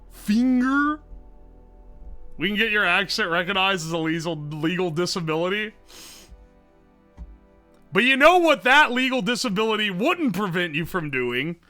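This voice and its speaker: Soft music plays in the background as a man with a high voice and an Appalachian accent chats at a moderate pace on his live stream. Animated and joking, he reads chat messages out loud and answers them.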